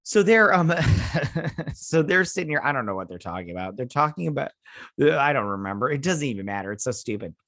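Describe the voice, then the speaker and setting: A man's voice: mid-range voice, big pitch swings, a little fast, pushed and bright, no room sound, clean studio sound. A man hosting a casual episode review, talking in a sarcastic, mocking way and acting out the characters' lines in silly voices. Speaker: show host reviewing a TV episode.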